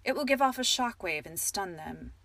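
A woman doing a calm wise wizard. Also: medium pitch, normal speed, vocal fry, no room sound. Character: calm wise male wizard, dry and wry.

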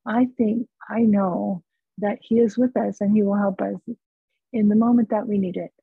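A woman from California, a psychotherapist guest, telling a personal story in an earnest, unhurried way over a remote call. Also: medium pitch, fairly even intonation, vocal fry, breathy edge, no echo. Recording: tinny phone-like line, dry.

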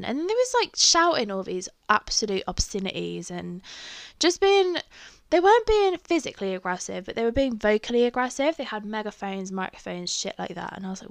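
A woman's voice: a little high, very animated, moderate pace, vocal fry, no room sound. A young woman with an English accent, telling a personal story in a casual, chatty way and swearing freely. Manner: chatty, swears freely, acts out her own reactions. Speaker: podcast host.

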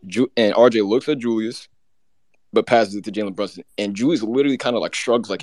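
A man co-hosting, delivering a rapid, heated, run-on sports rant. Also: on the low side, a little mellow, dry recording. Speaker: co-host.

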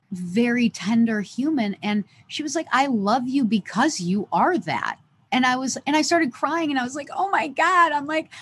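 A woman's voice: fairly high pitch, slight background noise. A woman who is a podcast guest, earnestly telling an emotional personal story and acting out the dialogue as she goes. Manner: earnest, lively retelling with quoted dialogue.

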